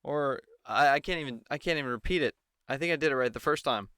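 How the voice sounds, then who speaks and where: A man's voice: mid-range voice, fast talker, bright, forceful tone, clear, resonant tone, no echo, studio quality. A man giving a sarcastic commentary on a televised debate and mocking the anchors. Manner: mocking, mimics the anchors in exaggerated voices. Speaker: political commentator.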